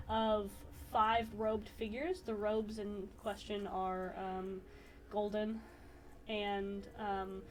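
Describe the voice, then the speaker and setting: A woman narrating a tabletop game as game master, rambling and pausing with fillers. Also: medium pitch, slight background noise, rough recording.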